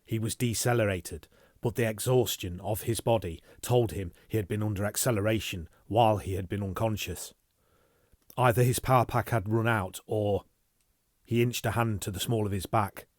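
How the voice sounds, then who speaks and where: A man narrates an audiobook in a steady, measured reading. His voice sits fairly low and is recorded close and dry. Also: no echo. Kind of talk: scripted narration.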